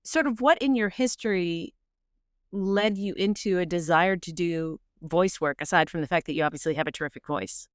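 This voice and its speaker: A woman's voice: lowish voice, normal speed, clear, resonant tone, no room sound, studio quality. A woman co-hosting a podcast, chatting casually and asking friendly questions. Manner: friendly, asks questions, affirming. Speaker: podcast co-host. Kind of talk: casual interview chat.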